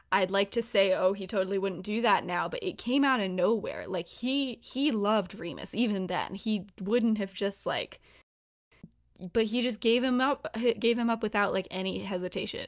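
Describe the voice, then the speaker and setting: A woman hosting a podcast, casually retelling a story in an animated way, with lots of "like" and quick asides. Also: medium pitch. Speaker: podcast host.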